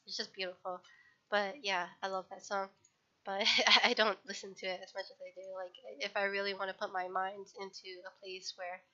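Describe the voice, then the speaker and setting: Bright-voiced woman chatting on a stream. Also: medium pitch. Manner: rambling, self-correcting, laughs at herself. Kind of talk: casual livestream chat. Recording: dull lo-fi stream audio.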